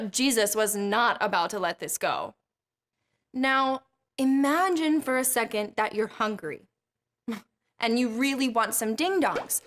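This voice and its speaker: Female host for a kids Bible lesson, playful, jokey, with a high voice. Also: slight background noise.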